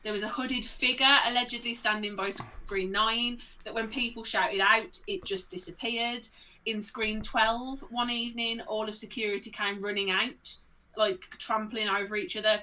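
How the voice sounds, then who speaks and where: A woman's voice: mid-range voice, flat delivery, moderate pace, bright, forceful tone, recorded from a distance, low-quality recording. A woman telling a ghost story casually to friends, hedging with "allegedly" and "like.". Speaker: podcast co-host.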